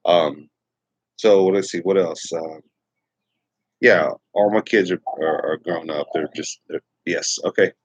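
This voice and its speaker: Rambling middle-aged man, low husky voice. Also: steady tone, a little slow, no echo, poor audio. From Texas. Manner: rambling, many fillers and restarts. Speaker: livestream host. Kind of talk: casual morning livestream chat.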